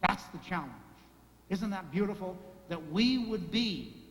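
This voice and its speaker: Male preacher, high voice, punchy repeated phrases, long church reverb, faint room hum. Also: expressive, measured pace. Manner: repetitive emphatic lists and rhetorical questions. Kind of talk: sermon. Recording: echoey hall reverb, faint ambience.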